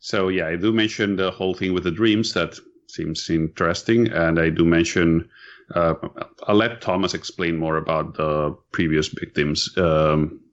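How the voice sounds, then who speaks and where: A man playing in a tabletop game, talking in a halting, casual way. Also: deep voice, fairly even intonation. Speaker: player. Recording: dull, lo-fi mic.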